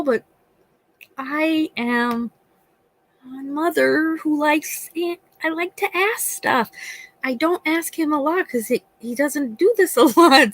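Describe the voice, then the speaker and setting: A woman's voice: mid-range voice, fairly bright tone, dry recording. Mom in her 40s rambling on a live stream, acts out what people said, dry close mic. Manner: chatty storyteller, acts out quoted voices. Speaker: livestream host. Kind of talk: casual chat on a live stream.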